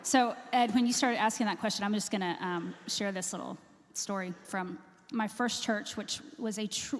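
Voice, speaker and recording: Casual woman pastor in a ringing hall. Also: medium pitch. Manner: storytelling, casual, with ums. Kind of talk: church talk-back discussion. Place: church. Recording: long hall reverb.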